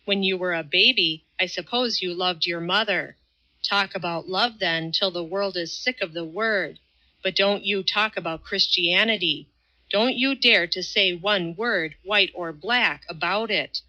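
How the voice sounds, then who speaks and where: Woman voicing a fervent Highland swordsman. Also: measured pace, sharp tone, dull audio. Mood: fierce. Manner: fervent, solemn preaching tone. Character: fierce devout Highland swordsman, grown man.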